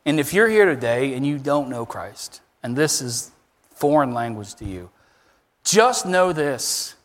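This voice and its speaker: A man preaching a sermon as pastor, emphatic and animated, his voice rising high on key words. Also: measured pace, in a large hall.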